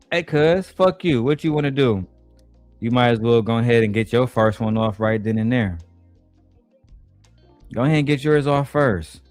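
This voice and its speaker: Male host, mid-pitched, profane and mocking reaction commentary with faint music under it. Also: darkish tone, no room sound. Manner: mocking, blunt, crude slang.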